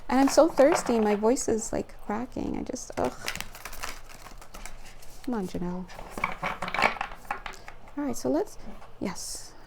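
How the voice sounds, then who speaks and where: A young woman hosting a casual card-reading video, chatty and rambling, laughing often and getting excited as she talks. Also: fairly high pitch, slow, gravelly, long pauses, background noise. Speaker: spiritual card reader.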